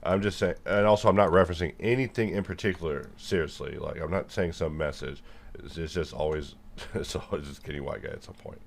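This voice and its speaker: A young man in a rambling monologue to his viewers, jumping between jokes and animated rants. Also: deep voice, fairly quick, creaky, a little hiss or hum. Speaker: software developer and video creator. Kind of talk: rambling stream-of-consciousness monologue.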